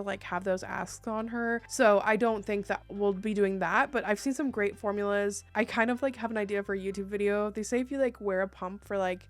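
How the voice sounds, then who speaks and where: A woman in her thirties chatting casually as a vlogger, telling stories in a bubbly, animated way with excited outbursts. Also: mid-range voice. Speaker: YouTuber answering viewer questions. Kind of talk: casual chat.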